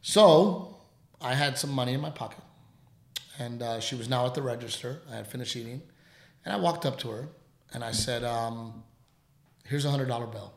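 A radio host telling a story in casual chat, rambling and animated, with plenty of fillers. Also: male voice, mid-range voice, moderate pace, gravelly, reverberant.

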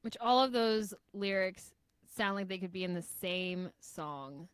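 Female co-host, loose and speculative, lots of "like", dry sound, mid pitch. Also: animated, a little slow, clear, resonant tone, no echo. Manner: loose, filler-heavy, speculative talk. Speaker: podcast co-host. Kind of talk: casual chat.

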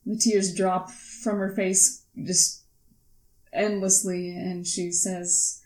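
A woman's voice: on the low side, little pitch movement, takes it slowly, a little mellow, reverberant, low-quality recording. A woman narrating her character's actions in a tabletop role-play, hesitant and full of fillers. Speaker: player.

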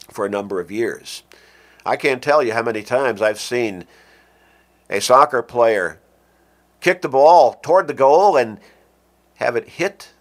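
A middle-aged man gives a radio sermon at an unhurried, deliberate pace. His voice sits in a plain middle range, and he leans hard on key words in an earnest, measured way. It is a preacher's steady delivery, not a chat. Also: mid-range voice.

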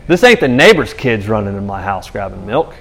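In a loose, conversational podcast style, a man preaches and tells scripture stories animatedly, using slang and often restarting his sentences. His voice is lowish and gravelly, and he talks fairly quickly.

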